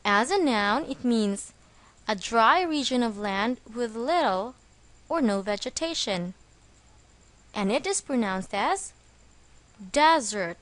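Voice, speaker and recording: Slow, clear-spoken woman teaching English. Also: a little high, lively intonation, fairly bright tone, dry recording. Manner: slow, careful, stressing syllables. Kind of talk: scripted vocabulary lesson.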